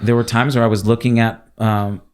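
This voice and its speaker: A man's voice: medium pitch, level tone, fairly quick, darkish tone, smooth. A man sharing an emotional personal testimony as a guest, telling his story with laughter and acted-out quotes.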